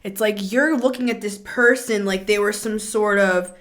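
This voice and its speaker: A woman giving a casual, chatty tarot reading to camera, animated and quick to laugh. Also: medium pitch. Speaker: tarot reader.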